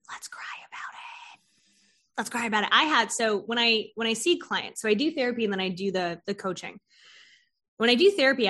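A woman with a mid-range, fairly bright voice hosts an interview. She's a podcast host and therapist who chats casually and tells animated stories about her therapy clients, acting out their lines and laughing often.

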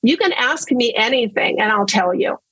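A woman's voice: a little high, expressive, moderate pace, fairly bright tone, breathy edge, no room sound, poor audio. A woman telling her personal story in casual conversation, earnest and open, often repeating words for emphasis. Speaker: guest sharing her story.

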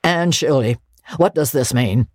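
A woman's voice: very deep voice, a little slow, darkish tone, dry recording, studio quality. Woman voicing a stern pompous schoolmaster. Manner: solemn, clipped scolding.

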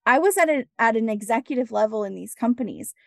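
A woman guest on a podcast interview, telling her story in a casual, animated way and acting out bits of dialogue. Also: on the high side, fast talker, vocal fry, no room sound, studio quality. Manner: animated, acts out dialogue, laughs often. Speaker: podcast guest, business strategist.

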